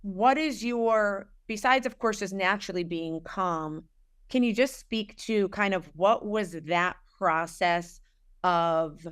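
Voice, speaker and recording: A woman's voice: mid-range voice, takes it slowly, a bit bright, smooth. A woman podcast host asking probing, conversational questions. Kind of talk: casual interview chat.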